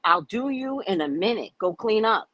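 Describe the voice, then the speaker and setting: A woman hosts a casual talk stream, lecturing in a sassy, emphatic way. Her husky voice swings widely up and down, and the sound is dry and close. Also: mid-range voice, animated, moderate pace, dry recording, dull audio. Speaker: host. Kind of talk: casual commentary livestream.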